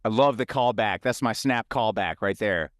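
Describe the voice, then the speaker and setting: A man's voice: on the low side, normal speed, no echo, studio quality. A man hosting a podcast, talking in a hyped, showman-like way. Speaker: podcast host.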